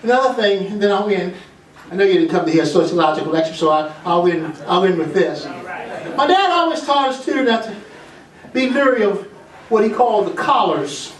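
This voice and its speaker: A middle-aged man with a high, lively, fairly quick voice gives a homespun tribute speech about his father at a family gathering, repeating phrases and restarting sentences. The recording has a roomy echo, his voice sounding far off.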